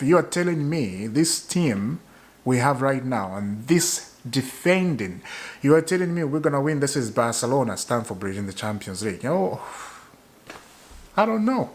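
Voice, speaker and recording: A young man ranting to camera as a frustrated football fan. His pitch swings up and down in a lively way, and he circles back and repeats his complaints for emphasis. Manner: exasperated, repeats points for emphasis. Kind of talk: casual fan rant to camera.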